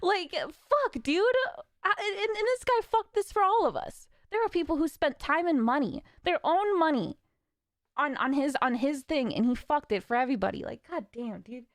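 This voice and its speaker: Young woman venting, high lively voice. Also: normal speed, no room sound, studio quality. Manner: frustrated venting, swearing, nervous laughs. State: slightly raspy from ranting. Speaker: streamer. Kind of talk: casual ranting chat.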